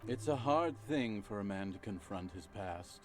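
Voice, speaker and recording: A man's voice: lowish voice, expressive, normal speed, faint music behind, natural voice. An actor playing a blunt, sardonic man in a video game who recounts another character's drunken ramblings.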